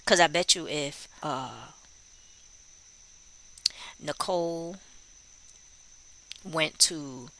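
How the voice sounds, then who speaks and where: Casual true crime commentator, tense and bright in tone, musing aloud and quoting people. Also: mid-range voice, very slow, gravelly, pauses often, rough recording. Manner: musing, rhetorical, acts out quoted dialogue.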